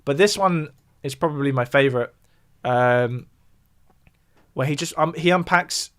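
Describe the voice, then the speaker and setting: On the high side and a little slow, this man's voice carries a southern English accent; he's from the south of England. Hosting a music livestream, he chats casually, explains things, and reacts to viewer chat in between points.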